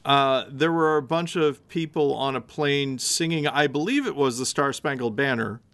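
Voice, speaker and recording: Male podcast co-host from the Midwest, casual, rambling, smooth clear voice. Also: medium pitch, moderate pace, fairly bright tone. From American Midwest. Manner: rambling, hesitant with many fillers. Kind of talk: casual chat.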